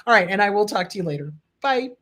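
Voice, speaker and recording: Middle-aged woman therapist chatting to her viewers, gentle and reassuring, ordinary pitch. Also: animated, fast. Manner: warm, reassuring, addresses viewers as "my loves". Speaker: therapist and show host. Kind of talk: casual solo talk to viewers.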